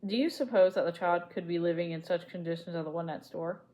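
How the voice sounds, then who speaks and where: A woman reading as a guilt-ridden anxious gentleman. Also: lowish voice, quick pace, lightly acted, low-quality recording. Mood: troubled.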